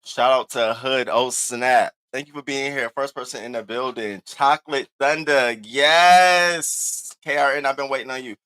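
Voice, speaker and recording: A man's voice: mid-range voice, measured pace, hardly any pauses, smooth, dry recording. A man hosting a livestream, chatting casually and animatedly with his viewers. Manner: animated, jumps into mock voices. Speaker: livestream host. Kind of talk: casual commentary.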